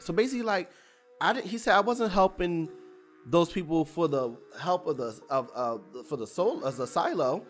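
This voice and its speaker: Over soft music, a man with a fairly high voice recaps a TV episode at normal speed. He retells the scenes loosely and conversationally, dropping in fillers and performing the characters' dialogue like the casual recap reviewer he is.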